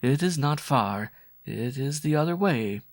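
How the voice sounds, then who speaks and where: A male narrator voicing a mysterious unveiled desert woman who speaks slowly with a droning growl between words. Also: medium pitch, animated, gravelly, no echo, studio quality, pitched above the performer's own voice. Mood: amused. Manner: slow, sing-song, lips barely parting.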